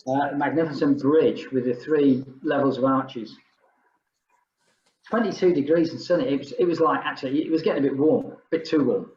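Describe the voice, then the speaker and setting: A man's voice: medium pitch, moderate pace, darkish tone, echoey room, muffled recording, a little hiss or hum. An older man leading an exercise class, chatting and joking between rounds while he counts down the reps. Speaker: fitness instructor.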